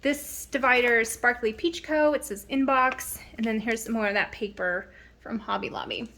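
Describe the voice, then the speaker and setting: A woman's voice: fairly high pitch, normal speed, fairly bright tone, slight background noise. A woman in her thirties casually chatting through her planner in a vlog, rambling a little with ums and restarts. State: slightly out of breath. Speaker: planner vlogger. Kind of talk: casual show-and-tell vlog. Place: home.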